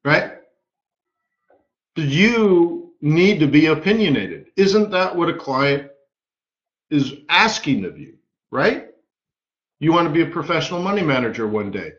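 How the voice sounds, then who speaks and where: A man hosting a live trading webinar, telling stories in an energetic, emphatic way with punchy repeated phrases. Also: on the high side, unhurried, pauses often. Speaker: forex market strategist hosting a live webinar. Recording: roomy, slightly dull webinar audio.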